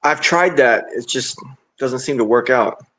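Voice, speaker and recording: Male guest on a casual stream, easygoing and jokey, mid-pitched voice. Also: unhurried, a bit bright. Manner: laid-back, joking. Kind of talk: casual livestream chat.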